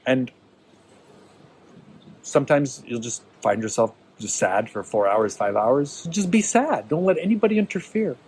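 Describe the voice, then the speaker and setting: A man's voice: medium pitch, lively intonation, a little slow, a little mellow, slightly rough, low-quality recording. Conversational male workshop teacher. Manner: conversational, checks in with listeners. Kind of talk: informal teaching talk to a small group.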